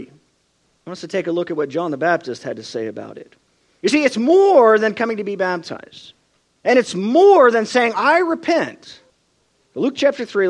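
A man preaching a sermon, telling stories and acting out the people he quotes. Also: high-pitched. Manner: expressive storytelling, acts out quoted voices.

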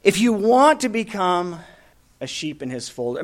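A man preaching a sermon, telling stories and dropping to a hush at the ends of points. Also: high-pitched, big pitch swings, measured pace. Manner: storytelling, swings from loud emphasis to hushed endings.

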